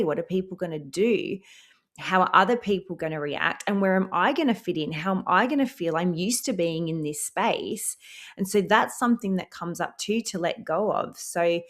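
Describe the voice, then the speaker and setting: A woman hosting a spiritual self-help podcast, talking earnestly and slowing down to repeat calm affirmations and guide breathing. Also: on the low side. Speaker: podcast host.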